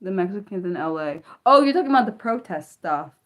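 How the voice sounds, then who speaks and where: Expressive woman livestreamer, frequent swearing. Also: mid-range voice, brisk. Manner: exasperated, venting at chat trolls, swears; reads and answers chat aloud. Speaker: livestream host. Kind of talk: unscripted livestream chat.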